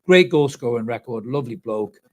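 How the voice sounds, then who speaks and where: A man's voice: mid-range voice, animated, a little fast. A man hosting a live football reaction show, sounding tired and speaking bluntly and with lots of swearing while he reads viewers' comments. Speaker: football fan channel host. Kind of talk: live post-match reaction and reading comments.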